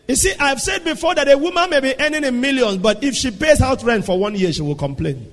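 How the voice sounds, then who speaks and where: A man preaching a sermon, swinging from soft asides to shouted lines. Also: extremely high pitch, very animated, a little fast. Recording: long hall reverb.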